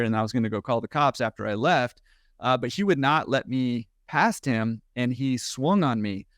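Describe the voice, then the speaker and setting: A man telling a story on a podcast with quick, animated energy and a mid-range voice. The sound is dry and close. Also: mid-range voice, no room sound. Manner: animated, quick, laughing at his own story. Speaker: podcast guest. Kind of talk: casual storytelling.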